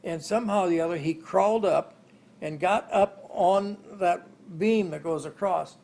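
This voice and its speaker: A man's voice: high voice, moderate pace, vocal fry, darkish tone. An older man in an interview, telling rambling family stories and chuckling along the way. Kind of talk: oral history storytelling.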